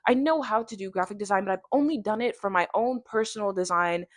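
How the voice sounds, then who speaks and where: Young woman, twenties, casual vlog chat, rambling, fast with fillers, tired, dry sound. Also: medium pitch, dry recording. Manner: rambling, fast talk with many fillers and tangents. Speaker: vlogger.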